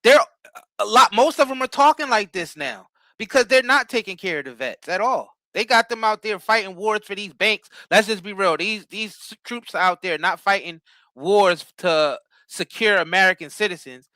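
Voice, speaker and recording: Bright high voiced dude ranting about politics, dry room, keeps repeating himself. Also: male voice, lively intonation, normal speed, dry recording. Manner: heated, emphatic, repeats words. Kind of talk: casual political chat.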